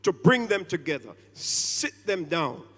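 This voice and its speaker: High-voiced preacher in a reverberant church. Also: male voice, big pitch swings, husky. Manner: preaching with sudden loud stressed words and drawn-out phrases; calls on the congregation to respond. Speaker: pastor. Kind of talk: sermon. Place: church sanctuary.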